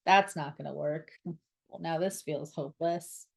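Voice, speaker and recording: Sarcastic, lower-voiced woman reading tarot. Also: a little slow, vocal fry. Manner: sarcastic, blunt, swears freely. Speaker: astrologer and tarot reader. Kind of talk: casual tarot reading to camera.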